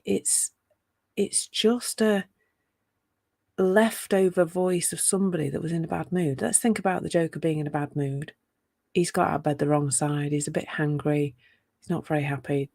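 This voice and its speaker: A woman gives a live talk in a chatty, playful way, tossing rhetorical questions at her listeners. Her voice sits a little low and carries a gravelly edge. The sound is dry and close. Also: steady tone, moderate pace, darkish tone, dry recording. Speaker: self-compassion teacher.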